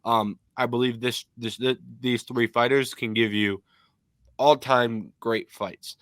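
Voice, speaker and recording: A young adult man from Michigan co-hosting a casual MMA podcast, opinionated and animated with frequent ums. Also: medium pitch, takes it slowly, no echo, clean studio sound.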